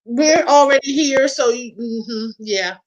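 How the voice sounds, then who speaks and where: A woman's voice: a little high, slow pace, muffled recording. A woman hosting a casual holiday chat over a video call, playful, laughing often and breaking into bits of song. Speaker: host.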